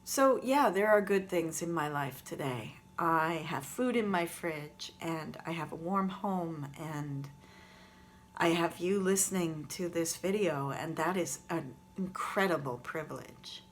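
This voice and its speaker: A woman's voice: low-pitched, a little slow, slight background noise. A woman talking earnestly and reflectively straight to her viewers in a gratitude vlog, recorded on her phone camera. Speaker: vlogger.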